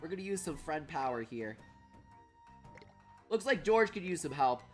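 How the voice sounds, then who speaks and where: A man hosting a casual gaming livestream with a stuffed-up nose. He reads out chat names and yells excitedly at the game. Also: on the high side, moderate pace, soft background music.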